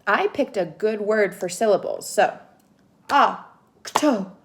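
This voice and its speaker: A young woman giving a home literacy lesson to young children, sounding out words slowly and gently. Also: mid-range voice, lively intonation. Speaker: teacher.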